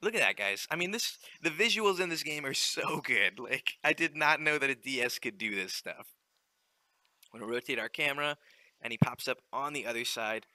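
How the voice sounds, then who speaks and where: A man giving relaxed, chatty commentary while playing through a video game. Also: mid-range voice, moderate pace, no echo. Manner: relaxed, chatty, explaining as he plays. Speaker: let's play gamer. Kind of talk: casual gameplay commentary.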